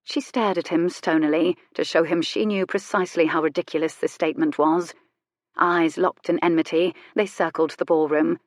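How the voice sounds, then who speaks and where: Low-voiced woman narrating a novel. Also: dry recording, studio quality. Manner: measured, even storytelling; sharp-tongued heroine lines. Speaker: audiobook narrator. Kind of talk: scripted narration.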